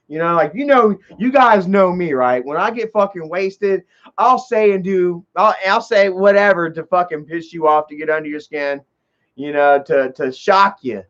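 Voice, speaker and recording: A man telling a long, rambling story on a livestream, swearing freely and filling every pause with "you know" while greeting viewers in chat. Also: high voice, fairly bright tone. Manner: profane, heavy on fillers like "you know". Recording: dull lo-fi livestream audio.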